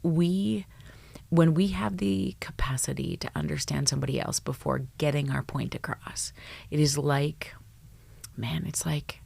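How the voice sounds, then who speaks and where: Woman, middle-aged, psychologist guest, animated, swears freely, low gravelly voice, dry close sound. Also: measured pace, no echo. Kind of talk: casual podcast conversation.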